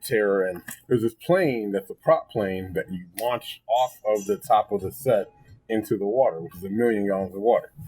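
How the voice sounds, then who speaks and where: Guy with a husky voice spinning a funny work story, keeps cracking up, some music faint behind. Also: poor audio. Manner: animated, laughs often, jumps to high pitch when excited. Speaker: podcast guest. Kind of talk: casual storytelling. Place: restaurant table.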